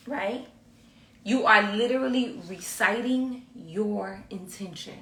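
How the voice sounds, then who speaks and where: A woman's voice: mid-range voice, sharp tone. A woman teaching a spiritual ritual to viewers, emphatic and repetitive, often checking in with "okay?". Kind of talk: instructional talk to viewers. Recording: echoey room, mic at a distance.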